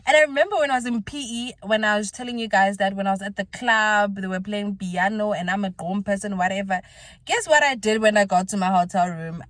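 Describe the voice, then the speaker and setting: A woman's voice: mid-range voice, no room sound. A twenty-year-old woman, vlogging to camera in a candid, reflective way with filler words. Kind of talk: talking to camera in a vlog.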